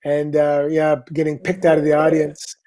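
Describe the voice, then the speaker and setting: A man's voice: a little high, normal speed. A middle-aged man, a former pro wrestler, telling stories as a guest in a casual interview, acting out the voices of people he quotes. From Canada. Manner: animated, acts out quoted voices.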